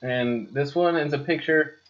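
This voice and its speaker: A man with a fairly high voice teaches a spoken lesson over slides, unhurried and speaking directly to the listener. He uses rhetorical questions and mildly sarcastic asides, and the sound is lo-fi.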